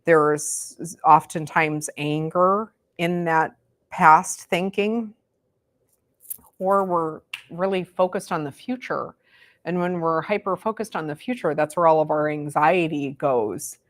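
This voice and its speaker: Woman meditation teacher, American accent, low voice, chatty and rambling, dry close sound. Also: slow, no echo. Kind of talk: casual talk to a class. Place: meditation room.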